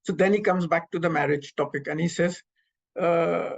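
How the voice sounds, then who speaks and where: A man in his seventies, from Pakistan, telling memories as an animated storyteller who acts out the dialogue. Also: fairly high pitch, normal speed, gravelly, slightly rough, lo-fi sound. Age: 70s. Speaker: interviewee recounting memories. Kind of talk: storytelling reminiscence. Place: North America.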